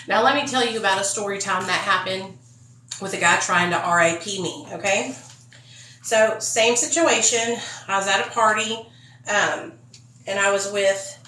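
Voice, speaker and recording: A woman's voice: medium pitch, reverberant, recorded from a distance, slight background noise, rough recording. Profane woman telling stories. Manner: animated, profane storytelling with quoted dialogue. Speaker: vlogger. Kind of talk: storytime vlog.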